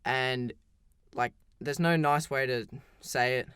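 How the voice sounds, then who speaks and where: A man's voice: mid-range voice, slow, fairly bright tone, clear, resonant tone, dry recording. A teenage boy telling a story in a casual, rambling storytime style, full of "like" and restarts. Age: teens. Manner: rambling, heavy use of "like", frequent restarts.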